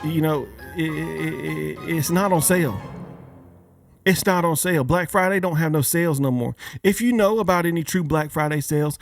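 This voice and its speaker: A man's voice: on the high side, moderate pace, gravelly, soft background music. A man hosting a podcast, a father of young kids, delivering a joking, casual holiday rant and firing many questions at his listeners. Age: adult, father of young kids. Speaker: podcast host.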